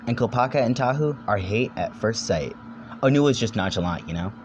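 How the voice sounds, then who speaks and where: A man's voice: fairly low pitch, animated. Young male video essayist, rambling comedic narration, off-the-cuff jokes, faint background noise. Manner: rambling, jokey, swears, quick silly voices.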